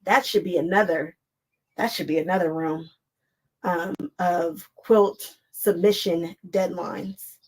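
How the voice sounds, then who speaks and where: A woman's voice: lowish voice, fairly even intonation, takes it slowly, slight background noise, poor audio. A woman, hosting a casual crafting livestream, chatting to viewers while she sews and laughing often.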